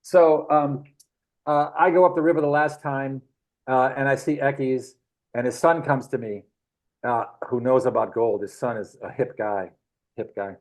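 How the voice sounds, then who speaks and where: A man's voice: medium pitch, normal speed, low-quality recording. Chuckling man spinning rambling stories. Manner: animated, chuckling, rambling anecdotes. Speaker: guest. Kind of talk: casual storytelling.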